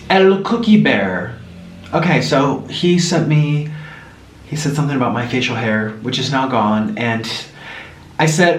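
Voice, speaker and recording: At a medium pitch and normal speed, a young mukbang vlogger chats casually over his food, telling animated stories between bites. The room is echoey and the mic somewhat distant.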